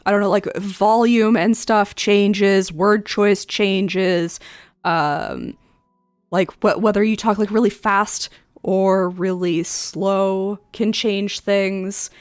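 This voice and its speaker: A woman's voice: steady tone, slow pace, clean tone, no room sound, studio quality, faint music behind. A woman streamer and game master chatting casually and reading forum posts aloud, rambling with a mid-range voice. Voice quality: voice neither very high nor very low. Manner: rambling, many fillers and restarts.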